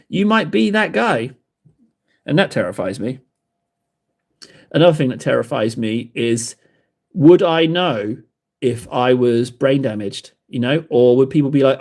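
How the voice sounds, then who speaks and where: A man's voice: fairly high pitch, very animated, a little slow, a little mellow. A man hosting a livestream, chatting while painting miniatures, self-mocking and rambling, a little out of breath. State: slightly out of breath. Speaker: livestream host. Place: hobby desk indoors.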